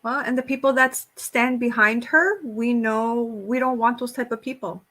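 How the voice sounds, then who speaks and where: A woman on a live stream, calmly backing up her co-host in casual chat. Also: fairly high pitch, moderate pace. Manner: calm, reassuring, supportive.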